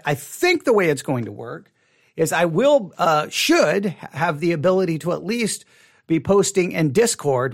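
Man, pastor, casual livestream teaching, conversational, repeats words, high voice. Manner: conversational, restarts and repeats words, asks questions. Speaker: pastor leading an online Bible study.

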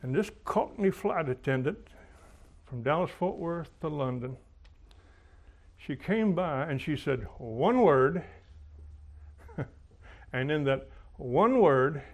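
A man's voice: a little high, animated, takes it slowly, pauses often. A man preaching a sermon, telling folksy stories and swinging his volume for drama. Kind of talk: sermon with anecdotes.

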